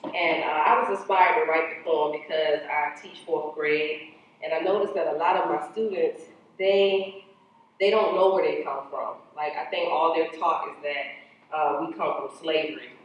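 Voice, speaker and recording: A woman's voice: low-pitched, fairly even intonation, normal speed, dull audio, slight background noise. A woman with a nasal voice who introduces her piece and performs spoken word poetry. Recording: echoey hall, mic heard from far.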